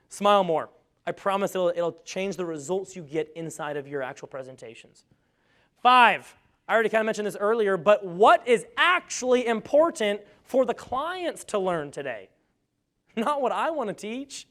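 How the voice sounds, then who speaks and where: A man speaking to a live audience about presenting on video, energetic and joking, with a self-deprecating humor. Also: high-pitched, moderate pace. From grew up on a farm. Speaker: speaker on webinar marketing.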